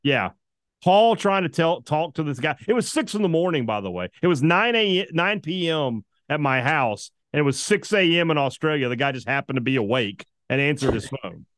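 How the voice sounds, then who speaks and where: A man's voice: a little high, big pitch swings, normal speed, a bit bright, dry recording, clean studio sound. A man guesting on a sports podcast, telling stories in casual chat and laughing easily. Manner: chatty storyteller, laughs easily.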